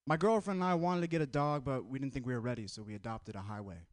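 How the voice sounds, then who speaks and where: A man with a mid-pitched voice delivers a string of deadpan, clipped one-liners. The sound is dry and close. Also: fast talker, no room sound. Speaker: stand-up comedian.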